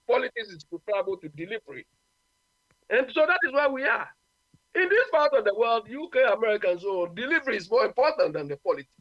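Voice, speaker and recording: Ghanaian man, high lively voice, emphatic radio talker, dry muffled line. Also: no echo. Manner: emphatic, repeats "you understand?". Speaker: radio guest. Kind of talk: opinionated radio talk.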